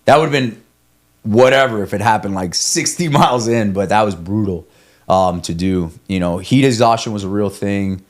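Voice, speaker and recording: A young man with a fairly low voice talks through a story in a loose, candid podcast chat. He rambles, restarts his sentences and swears freely as he goes. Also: normal speed. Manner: rambling, profane, self-coaching, frequent restarts. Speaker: guest, ultramarathon runner. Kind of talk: candid conversational podcast talk.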